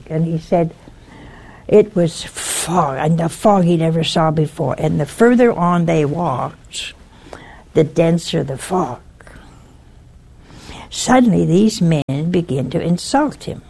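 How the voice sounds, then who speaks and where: A low-pitched, husky woman's voice with a darkish tone carries an informal religious talk on a broadcast network. She warns earnestly and retells a story in careful steps.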